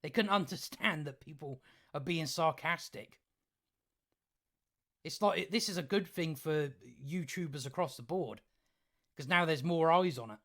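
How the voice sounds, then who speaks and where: A man delivers a sarcastic, profane rant for his video channel, his voice sitting a touch higher than most men's. He chuckles at his own points and stumbles through restarts as he goes. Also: fairly bright tone. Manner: halting restarts. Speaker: YouTube commentator. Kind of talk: ranting commentary.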